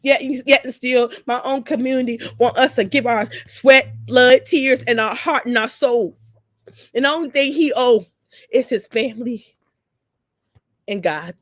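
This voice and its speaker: Earnest older woman, slightly high, dry close sound. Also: no room sound. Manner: earnest, repeats phrases, trails off. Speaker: vlogger. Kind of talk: emotional livestream monologue.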